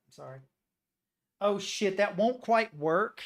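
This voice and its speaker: A woman streamer chatting casually to her viewers, swearing and excitable, muttering between outbursts. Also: mid-range voice, slow. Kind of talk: casual live-stream chat.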